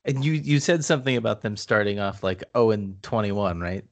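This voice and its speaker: A man co-hosting a sports podcast who cuts in with quick questions and one-liners. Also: on the low side. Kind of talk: casual sports chat.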